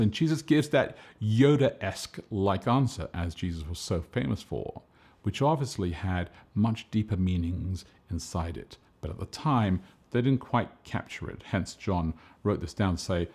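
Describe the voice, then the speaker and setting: A man with a husky, somewhat low and mellow voice gives a relaxed, conversational sermon. He tells the story with animated energy and often restarts his phrases as he goes. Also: unhurried. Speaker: pastor. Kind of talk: casual sermon talk.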